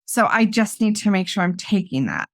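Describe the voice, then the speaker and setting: A woman hosting a podcast, chatting in a loose, talkative way and laughing between her thoughts. Her voice sits at an ordinary middle pitch. The recording is close and dry, with no room sound. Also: animated, normal speed, no room sound. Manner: chatty, laughs often, restarts sentences. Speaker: podcast host. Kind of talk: casual chat.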